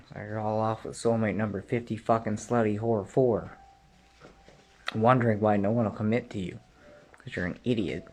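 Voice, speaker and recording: A man delivering an angry, profane rant straight to the listener, often clearing his throat and rising to shouts. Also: lowish voice, steady tone, normal speed, slight background noise. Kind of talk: angry direct-to-camera rant.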